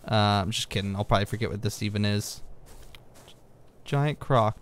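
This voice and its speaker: A young man giving casual let's-play commentary, rambling and easily distracted, breaking into excited outbursts at what he finds on screen. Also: lowish voice, moderate pace, pauses often. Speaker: gaming video creator.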